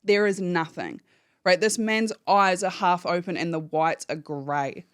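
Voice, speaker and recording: A woman's voice: on the low side, steady tone, measured pace, clear, resonant tone, no echo, studio quality. A woman, a podcast guest giving a candid, emotional personal account and swearing freely. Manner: candid, swears freely, acts out phone calls in quotes.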